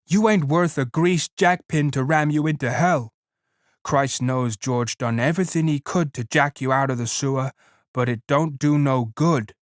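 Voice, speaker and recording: A man's voice: medium pitch, normal speed, no echo, clean studio sound, lightly acted. Man doing a sneering giant rabbit. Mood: scornful. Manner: sneering, contemptuous rural drawl. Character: scornful giant imaginary rabbit, male, mocking.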